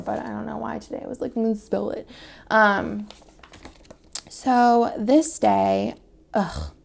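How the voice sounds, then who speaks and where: A young woman talks through her planner spread, rambling from one thought to the next with plenty of fillers. Her voice sits at a middle pitch with heavy vocal fry, and she sometimes slips into a whisper. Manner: chatty, rambling, many fillers; drops to a whisper at times. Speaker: planner vlogger. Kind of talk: casual chat while decorating a planner.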